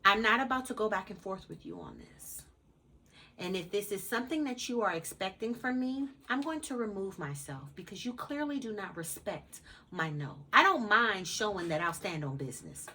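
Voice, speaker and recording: Slightly high, bright, and pushed, this woman's voice carries a casual motivational talk on her advice channel. She is blunt and emphatic, swearing freely and repeating her points to drive them home.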